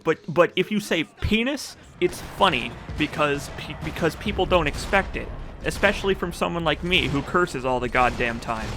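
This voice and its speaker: A man's voice: on the high side, expressive, normal speed, few pauses, background noise. A man commenting casually on his own speedrun video, joking, swearing and rambling, reading chat aloud, recorded as a desk-mic voice-over. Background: game music.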